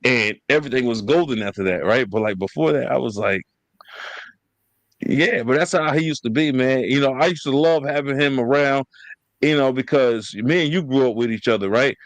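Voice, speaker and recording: A man hosts a podcast and tells family stories in lively, slangy talk with plenty of swearing. His voice sits at an ordinary pitch, and the room is dry with no echo. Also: moderate pace. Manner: animated storytelling, slangy and profane. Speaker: podcast host. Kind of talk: casual family storytelling.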